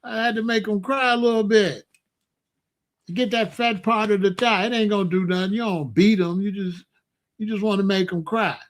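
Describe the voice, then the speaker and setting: A middle-aged man tells stories in a casual, folksy way. He hosts an online show and often breaks into loud exclamations. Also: high voice, moderate pace. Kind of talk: casual storytelling monologue.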